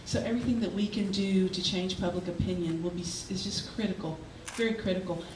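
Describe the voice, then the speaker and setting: A woman's voice: on the low side, fairly even intonation. Emotional Texan woman at a distant podium. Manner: emotional and halting, with fillers and restarts. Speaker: state legislator accepting an award. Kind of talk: unscripted acceptance speech. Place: banquet hall. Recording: echoey hall from far off with noise.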